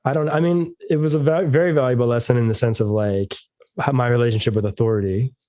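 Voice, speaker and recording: Male guest, 30s, deadpan storyteller, dark mellow tone, dry close mic. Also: mid-range voice, fast, no echo. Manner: deadpan, monotonous delivery. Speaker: podcast guest, musician. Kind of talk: casual storytelling chat.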